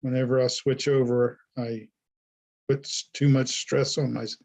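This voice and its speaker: A man's voice: medium pitch, flat delivery, moderate pace, gravelly, darkish tone. A man with a mid-range voice hosts a podcast and chats in a loose, easygoing way. He laughs at his own remarks as he reads out viewer comments. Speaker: podcast host. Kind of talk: podcast interview.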